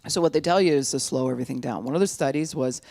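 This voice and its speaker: An older speaker at an addiction recovery outreach gives an informal teaching talk, animated and sometimes slowing right down to make a point. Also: mid-range voice, vocal fry. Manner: animated, acts out quoted voices, sometimes slows speech right down to demonstrate.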